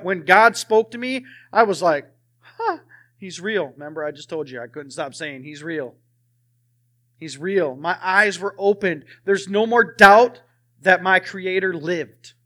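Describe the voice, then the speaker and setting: A young man preaching a sermon and telling his own testimony, swinging from loud emphasis to hushed, near-whispered lines. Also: sits high, moderate pace.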